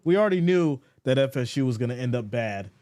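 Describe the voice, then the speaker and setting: A man hosting a casual sports live stream, reading viewer comments aloud and answering them in an animated, mock-exasperated way. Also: medium pitch, quick pace.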